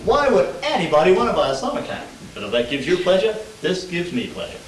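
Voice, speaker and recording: An actor playing Harry, a gruff but generous older brother who blusters, in an amateur stage play. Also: male voice, high voice, huge pitch swings, fast talker, reverberant. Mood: blustering. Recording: distant stage sound with faint hiss.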